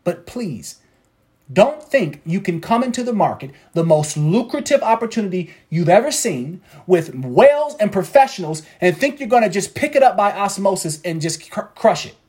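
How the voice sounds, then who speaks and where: A man's voice: high voice, big pitch swings, moderate pace, a little mellow. A man coaching traders in a motivational talk, preachy and repeating his points for emphasis. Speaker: trading coach.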